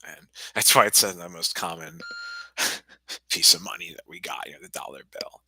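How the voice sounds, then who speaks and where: Agitated rambling man, very bright voice. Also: low-pitched, moderate pace, slight background noise, low-quality recording. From United States. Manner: agitated, rambling, repeats himself, drops to near whispers. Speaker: livestreamer. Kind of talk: rambling livestream monologue and phone call.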